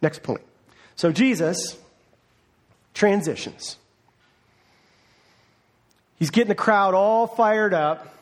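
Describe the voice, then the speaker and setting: A man's voice: sits high, slow pace, long pauses. A man, a parent, preaching a conversational sermon as a pastor, acting out the voices he quotes. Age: adult, parent of a young child.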